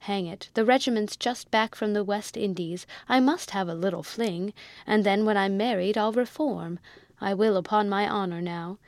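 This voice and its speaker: A woman reads a proud young army officer who flares up fast and shouts in indignation, his lines pitched a little higher and louder than the narration. The recording is close and dry, with no room sound. It is read as an audiobook. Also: no room sound, natural voice. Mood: pleading. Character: hot-tempered young male army lieutenant. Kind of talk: audiobook reading.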